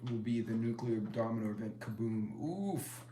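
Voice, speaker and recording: A man's voice: mid-range voice, measured pace, darkish tone, a little hiss or hum. A middle-aged man hosting a casual live stream, rambling and chatty as he greets commenters. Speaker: preparedness live-stream host. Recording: echoey room.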